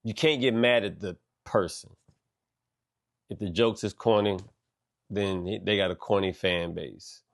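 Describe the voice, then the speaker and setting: A middle-aged man with a somewhat low voice talks on his podcast in a loose, rambling rant. He is casual and animated, dropping slang and swearing as he goes. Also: a little slow, vocal fry, long pauses. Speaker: podcast host. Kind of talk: casual monologue.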